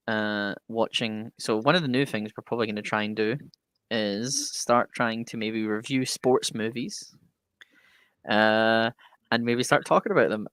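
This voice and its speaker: Brief: male podcast co-host, jokey and excitable, casual sports talk, dead-dry sound. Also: mid-range voice, smooth, no echo. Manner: enthusiastic, quick to joke.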